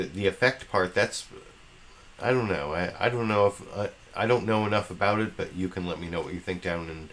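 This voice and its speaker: A man's voice: low voice, fairly bright tone. A man hosting a live political commentary show, talking casually with many fillers and restarts.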